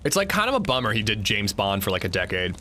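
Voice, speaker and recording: A man's voice: on the low side, sing-song, quick pace, bright, forceful tone, a little hiss or hum. A man streaming a game, casually chatting with his viewers and swearing when something annoys him. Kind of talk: casual livestream chat while gaming.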